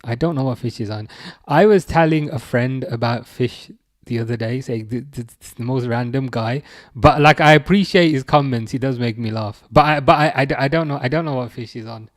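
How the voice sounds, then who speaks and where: A young man chats his way through a live football watch-along, reading viewer comments aloud. He rambles and jabs at rivals in a mocking tone, with plenty of fillers. His voice sits at an ordinary middle pitch and sounds dry and close to the mic. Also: fairly quick, no echo. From England. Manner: rambling, chatty and mocking, with many fillers and restarts. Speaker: livestream host.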